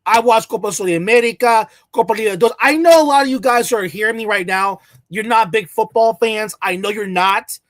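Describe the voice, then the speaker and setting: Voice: medium pitch, brisk, hardly any pauses, no echo. Heated, profane solo ranter. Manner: heated, profane, sarcastic, mocks others in quoted voices. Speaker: channel host. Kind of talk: solo ranting commentary to camera. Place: in the United States.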